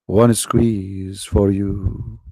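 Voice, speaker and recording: A man voicing a male angel messenger who speaks slowly and solemnly. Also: fairly low pitch, flat delivery, dark tone, no room sound, clean studio sound, pitched below the performer's own voice. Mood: mock-solemn.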